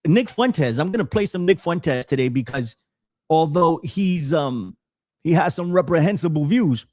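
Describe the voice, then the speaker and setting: A man hosting a podcast, giving casual political commentary in an animated way with frequent stammered restarts. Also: fairly high pitch, normal speed, dry recording, clean studio sound. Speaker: podcast host.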